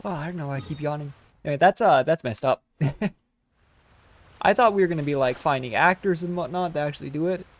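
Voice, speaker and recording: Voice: medium pitch, fairly quick. A streamer giving casual, incredulous commentary while playing. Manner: incredulous, laughing asides. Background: game music.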